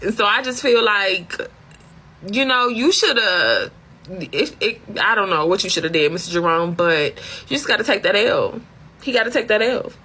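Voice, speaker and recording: A woman's voice: mid-range voice, lively intonation, moderate pace, sharp tone, breathy edge. A woman telling a comic story as a profane, exasperated rant full of slang. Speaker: comedic storyteller.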